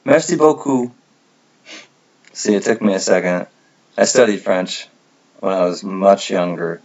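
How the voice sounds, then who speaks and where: A man's voice: low voice, steady tone, moderate pace, darkish tone. A man hosting a casual livestream chat, rambling and correcting himself as he goes, often laughing. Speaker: livestream host. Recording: dull lo-fi stream audio.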